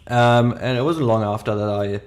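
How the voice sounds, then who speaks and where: A man's voice: medium pitch, steady tone, normal speed. A man in his thirties with a foreign accent, telling a story in a casual podcast conversation, emphatic with many restarts. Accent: foreign accent in English. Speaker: podcast co-host.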